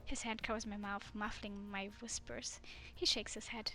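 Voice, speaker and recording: A woman streamer reading a dating game aloud in a soft, immersive way. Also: medium pitch, level tone, moderate pace, hardly any pauses, soft background music.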